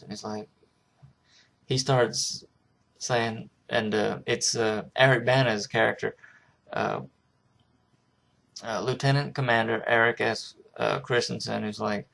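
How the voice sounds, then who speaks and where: Gravelly, flat-voiced man recapping a film. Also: medium pitch, unhurried, pauses often, slight background noise. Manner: rambling, lots of restarts and "like". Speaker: film reviewer. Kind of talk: casual spoken film recap.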